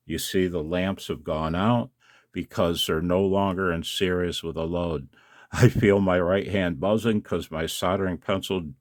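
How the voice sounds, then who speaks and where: A man's voice: sits low, dry recording, clean studio sound. A tired man, up late at night, casually demonstrating a hobby device and chatting to the viewer with questions and chuckles.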